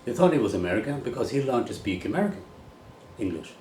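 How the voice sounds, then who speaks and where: A man's voice: mid-range voice, sing-song, quick pace, darkish tone, far from the mic. A man from Sweden with a Swedish accent, a golf coach talking bluntly and rambling in a casual monologue, swearing now and then. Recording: echoey room with faint ambient noise.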